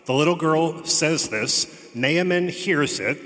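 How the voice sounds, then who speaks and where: A man's voice: on the high side, slow, a bit bright. A man preaching a sermon, retelling a scripture story in a chatty way with joking asides. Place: church. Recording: long reverb of a large hall.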